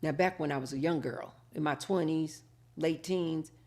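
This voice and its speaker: A woman's voice: deep voice, normal speed, a little mellow. A woman hosting a live talk show, telling her dating stories and acting out both sides of each conversation. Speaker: host.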